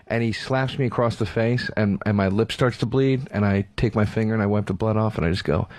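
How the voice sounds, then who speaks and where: A man's voice: fairly low pitch, fast, few pauses, a little mellow, no room sound. A man co-hosting a radio comedy show from a studio, loose and profane, acting out scenes as he talks. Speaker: radio co-host.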